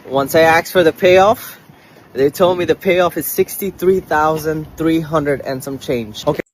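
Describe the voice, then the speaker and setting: A man's voice: fairly high pitch, unhurried, slight background noise, poor audio. A man telling a story in a matter-of-fact way, going through each step. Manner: matter-of-fact, recounts phone calls step by step. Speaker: storyteller in a clip. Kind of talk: casual storytelling.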